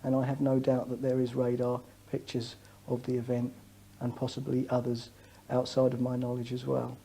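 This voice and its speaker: Deep mellow-voiced ex-raf guy, talks slow and careful, lots of ums. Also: monotone, gravelly, slightly rough, rough recording. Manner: measured, hesitant with fillers. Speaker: former RAF serviceman interviewee. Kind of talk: documentary interview testimony.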